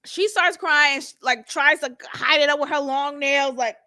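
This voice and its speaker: A woman's voice: sits high, normal speed, sharp tone, dry recording, clean studio sound. A young woman giving a sassy, blunt casual recap of a reality show as a channel host, with laughing asides. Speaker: reality TV reviewer.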